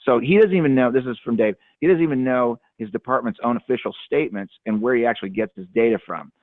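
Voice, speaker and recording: A man's voice: on the low side, no room sound. A man caller telling a rambling story, full of fillers and restarts. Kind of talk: casual storytelling. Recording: phone line, dry.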